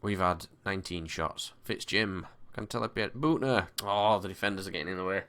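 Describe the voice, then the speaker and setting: A man talks through his football management game in a relaxed commentary style, breaking into excited calls. His voice sits low but sounds bright and crisp. He sighs and mutters between the louder moments. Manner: excitable match commentary with quick bursts and sighs. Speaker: gaming commentator. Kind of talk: casual let's-play commentary.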